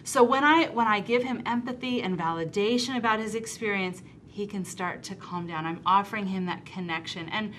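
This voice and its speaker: A woman talking as a guest on a talk show about parenting, lively, acting out soft soothing words to a child. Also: mid-range voice, normal speed, hardly any pauses, a little hiss or hum.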